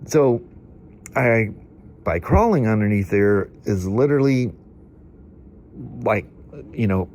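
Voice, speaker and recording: A man's voice: fairly low pitch, lively intonation, slow pace, pauses often, darkish tone. A middle-aged man vlogging, a stuffy-nosed storyteller with a chatty, folksy manner who rambles and laughs through his stories. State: congested from hay fever.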